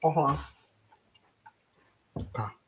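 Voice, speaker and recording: A woman's voice: extremely slow, slight background noise. A woman hosting casual live-stream commentary, answering chat in a sassy manner with chuckles and many hums and mm-hmms. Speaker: host of a royal commentary channel.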